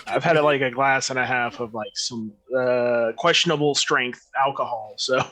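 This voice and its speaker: A man playing a tabletop game, casual and giggly, with halting delivery. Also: medium pitch, pushed and bright. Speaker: player.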